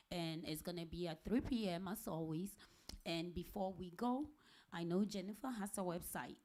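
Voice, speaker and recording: Lower-voiced woman hosting a talk show. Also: a little mellow. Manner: upbeat, repeats details, laughs often. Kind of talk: live talk show sign-off.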